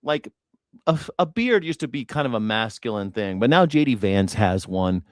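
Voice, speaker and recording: A man's voice: on the low side, animated, normal speed, no room sound. Sarcastic ranting man, dry sound. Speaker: news reaction host. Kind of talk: profane reaction commentary.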